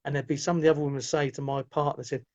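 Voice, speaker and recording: A man's voice: medium pitch, flat delivery, rapid-fire, a little mellow. A middle-aged man, telling his life story as a guest in a rambling way, often restarting his sentences. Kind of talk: personal storytelling in conversation. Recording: muffled lo-fi audio.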